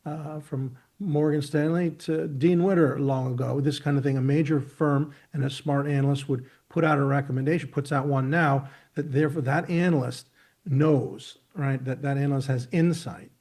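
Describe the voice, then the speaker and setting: Husky emphatic man on a video call. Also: medium pitch, steady tone, normal speed, a little mellow. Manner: emphatic, rambling, builds vivid analogies, frequent restarts. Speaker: market technician, interview guest. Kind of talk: expansive storytelling explanation.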